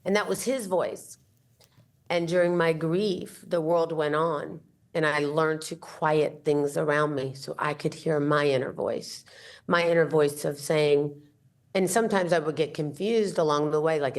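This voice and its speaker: A woman's voice: low-pitched, fairly even intonation, a little slow. A woman guest on an interview podcast, an author and entrepreneur, speaking in an earnest, reflective, motivational way. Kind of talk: heartfelt interview conversation.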